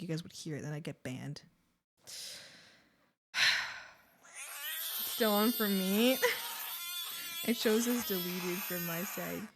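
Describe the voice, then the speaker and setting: A woman's voice: lowish voice, background noise. A young woman streaming, chatting casually with her viewers, giggling, apologizing and rambling with lots of fillers.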